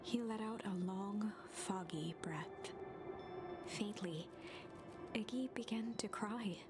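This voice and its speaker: A woman reading story narration aloud in a soft, unvoiced whisper. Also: mid-range voice, takes it slowly. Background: game music.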